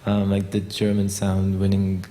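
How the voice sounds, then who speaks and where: A man with a very low, flat, mellow voice asks hesitant interview questions. He sits far from the mic in a large hall with long reverb, and a faint hiss of noise lies under him. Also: unhurried.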